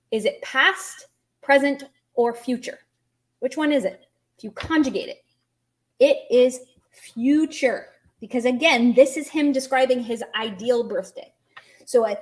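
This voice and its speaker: A woman teaching an online language lesson, explaining grammar patiently and quizzing her students. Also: high voice. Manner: patient, explains slowly, asks students questions.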